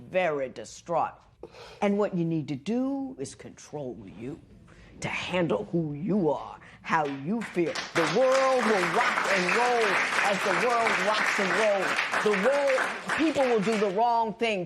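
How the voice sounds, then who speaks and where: A middle-aged woman as a TV court judge, handing down rulings in a firm, animated, lecturing way. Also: fairly low pitch.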